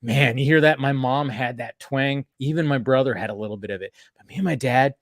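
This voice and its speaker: A man hosting a casual film chat stream, excitable, laughing and swearing freely. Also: medium pitch, fairly quick, dry recording, clean studio sound. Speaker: stream host.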